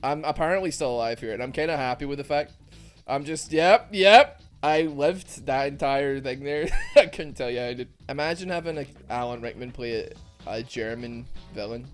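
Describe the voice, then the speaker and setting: A man giving rambling, self-mocking commentary over a video game, with quick asides. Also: medium pitch, soft background music. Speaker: gaming YouTuber. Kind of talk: joking gameplay commentary.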